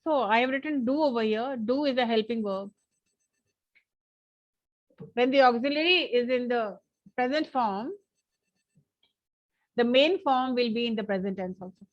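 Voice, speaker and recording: A woman's voice: fairly high pitch, moderate pace, pauses often, highs cut off. A woman with an Indian English accent teaching a grammar workshop in an online class, explaining step by step and switching between English and Hindi. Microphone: online class recording.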